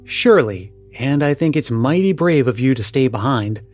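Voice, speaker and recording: A man voicing a brave, earnest teenage boy scout who speaks gravely and reassuringly in a storybook reading. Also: medium pitch, expressive, normal speed, darkish tone, soft background music, close to an everyday voice.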